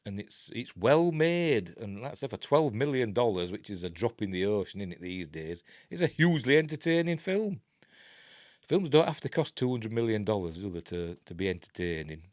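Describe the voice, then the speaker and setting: A man's voice: on the low side, very animated, moderate pace, a little mellow, no echo, studio quality. An older man with a Yorkshire accent, casually talking through a film review with rambling, self-interrupting chat and wry asides. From Yorkshire, England.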